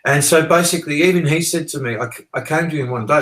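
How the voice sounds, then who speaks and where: A man's voice: fairly high pitch, quick pace, a bit bright, a little hiss or hum, rough recording. An Australian man telling a rambling story as an interview guest, swearing freely and talking with animation. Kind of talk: casual storytelling.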